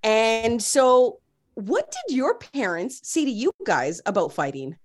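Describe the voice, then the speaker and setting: A woman hosting a parenting talk show, chatty and quick to laugh. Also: fairly high pitch, very animated. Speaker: host. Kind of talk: casual chat.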